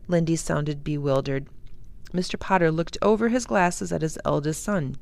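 A woman reading a story aloud to children in a soft, unhurried storytelling voice. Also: low-pitched, creaky, dry recording. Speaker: library storytime reader.

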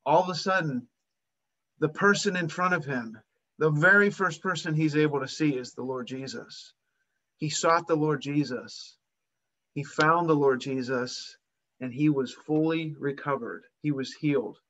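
A man's voice: on the high side, unhurried, a bit bright, muffled recording. A man preaching a sermon, retelling a Bible story and acting out its voices with rising emphasis.

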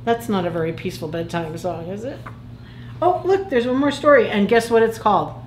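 A woman librarian reading picture books aloud to children as a playful, animated storyteller. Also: medium pitch, fairly quick. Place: museum room. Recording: echoey room with faint noise.

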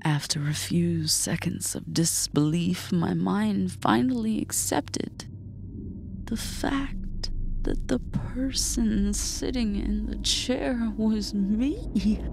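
A woman narrating a horror story in a hushed, often whispered way. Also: mid-range voice, slow pace, gravelly, background noise.

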